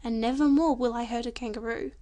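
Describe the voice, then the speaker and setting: A woman's voice: a little high, steady tone, fast, mellow, close to an everyday voice. A woman voicing a worried, tender father in a storybook audiobook, speaking earnestly. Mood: moved.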